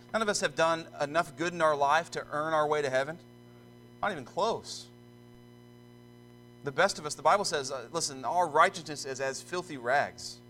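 A male preacher delivers a sermon in church, his voice bright and forceful. He reads scripture slowly and solemnly, then preaches earnestly, restarting phrases as he drives each point home. Soft music plays faintly behind him. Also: on the high side, low-quality recording. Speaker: pastor.

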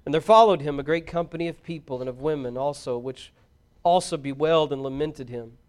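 A man giving a solemn, measured formal scripture reading. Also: a little high. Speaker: scripture reader.

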